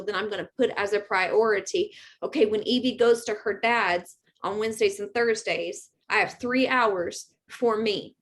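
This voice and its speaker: High-voiced woman coaching viewers. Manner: earnest, animated, speaks straight to her viewers. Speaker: spiritual medium and host. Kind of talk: motivational live talk.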